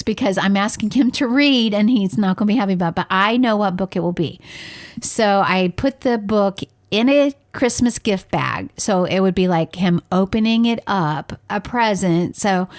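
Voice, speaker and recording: A woman co-hosting a podcast, telling stories in casual chat and acting out the conversations she recounts. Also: mid-range voice. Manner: animated storyteller acting out dialogue. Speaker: podcast co-host, parent.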